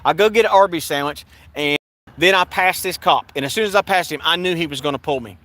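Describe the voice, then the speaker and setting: An agitated man tells his story in a high, keyed-up voice. His tone is bright and sharp, and he stumbles, repeats himself, and acts out both sides of the argument as he talks. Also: quick pace. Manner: agitated, repetitive, restarts and acts out exchanges. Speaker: video creator recounting an arrest. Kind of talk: angry first-person account. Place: in a vehicle.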